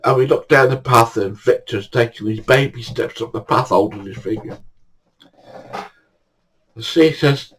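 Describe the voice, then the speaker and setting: Husky older man. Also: mid-range voice, unhurried, pauses often, rough recording. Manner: chatty, swears casually, acts out dialogue. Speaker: storyteller. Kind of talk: casual anecdote telling.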